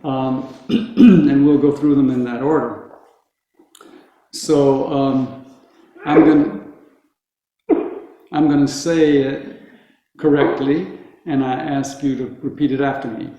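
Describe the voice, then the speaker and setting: A man teaching a group how to pronounce words, slowly and patiently, repeating each word for them to echo back. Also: mid-range voice, steady tone, warm tone, lo-fi sound. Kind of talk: teaching Sanskrit pronunciation to a group. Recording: very echoey room.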